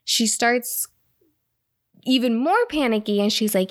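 A woman's voice: fairly high pitch, a little slow, long pauses. Woman podcaster telling a creepy tale, acts out the voices, chatty. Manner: animated, acts out quotes. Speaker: podcast co-host. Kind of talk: casual storytelling chat.

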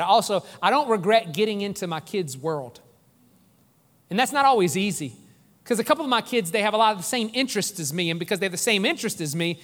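Man in his forties, pastor, high voice, preaching earnestly, lingering church-hall reverb. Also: a bit bright. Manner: earnest, emphatic preaching with repeated phrases. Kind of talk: sermon. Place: church sanctuary.

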